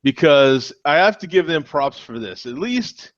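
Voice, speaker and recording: A man's voice: on the high side, lively intonation, measured pace, no room sound. A man co-hosting a casual beer-tasting chat, joking and laughing easily, heard over dull, dry online call audio.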